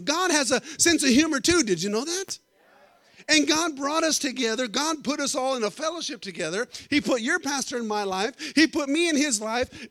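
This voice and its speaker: High-voiced preacher telling stories. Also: male voice, dry recording. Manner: animated, joking with the congregation. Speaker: guest preacher. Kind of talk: storytelling sermon.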